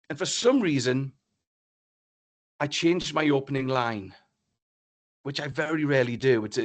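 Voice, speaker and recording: A middle-aged man, a business speaker, tells a story to an online audience in a lively way and acts out the dialogue with exclamations. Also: mid-range voice.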